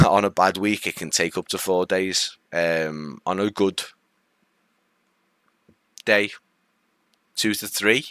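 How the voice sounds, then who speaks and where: Deep-voiced chatty man, light Liverpool accent. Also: fairly bright tone, smooth, no room sound, clean studio sound. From Liverpool, England. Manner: rambling and chatty, with many fillers and restarts; friendly, greets viewers and answers comments. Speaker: live-stream host. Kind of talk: casual live-stream chat with viewers.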